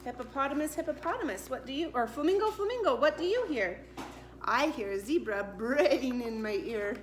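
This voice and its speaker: A woman's voice: high voice, animated, normal speed, roomy sound, slight background noise. A woman reading picture books aloud to preschool children in a sing-song, playful way. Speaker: preschool story-time reader.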